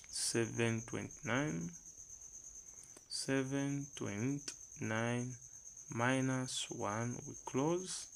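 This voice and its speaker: A man's voice: mid-range voice, creaky, slight background noise, poor audio. A man teaching a math lesson step by step, reading numbers aloud and asking the class rhetorical questions.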